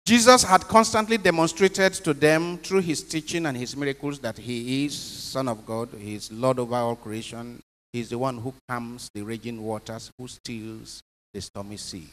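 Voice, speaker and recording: A man's voice: mid-range voice, moderate pace, a bit bright. A man, a priest, giving an emphatic homily and putting questions to his congregation. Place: chapel. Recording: long chapel reverb.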